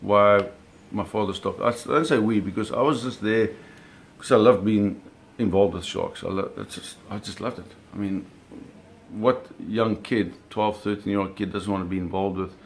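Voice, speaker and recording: A gravelly, lowish male voice tells a casual shark-hunting story at a moderate pace, with a little hiss or hum in the recording. It's vivid and full of mimicked sounds, and he frequently corrects himself and repeats words.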